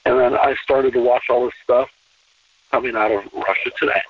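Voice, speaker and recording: A man talking as a podcast guest in a relaxed conversational interview, emphatic and repeating phrases to drive points home. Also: medium pitch, moderate pace, breathy edge. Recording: distant, tinny phone-line sound.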